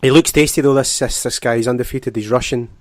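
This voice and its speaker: A man's voice: medium pitch, steady tone, quick pace, no echo. Male interviewer, matey teasing, dry close sound. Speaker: podcast host, interviewer. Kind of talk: casual podcast interview.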